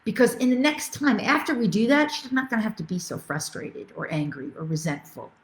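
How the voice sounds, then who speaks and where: A woman's voice: fairly high pitch, sing-song, brisk, reverberant. A middle-aged woman spiritual coach teaching a live webinar, enthusiastic and reading out viewer comments as she goes.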